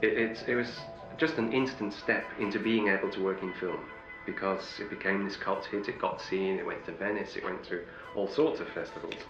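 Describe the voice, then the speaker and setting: A man's voice: on the low side, fairly even intonation, fairly quick, hardly any pauses, roomy sound, lo-fi sound, over music. A middle-aged male actor telling wry anecdotes in an interview, often restarting his sentences. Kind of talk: interview storytelling.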